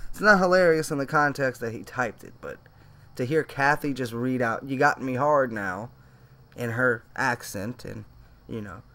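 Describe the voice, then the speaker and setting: A man's voice: mid-range voice, normal speed, bright, forceful tone. A man giving sarcastic, mocking reaction commentary over a played video.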